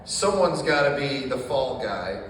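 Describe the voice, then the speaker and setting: Deadpan stand-up man in an echoey room. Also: medium pitch, measured pace, far from the mic, slight background noise. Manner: deadpan dark jokes, swearing. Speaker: stand-up comedian. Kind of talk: stand-up set. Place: small coffee shop stage.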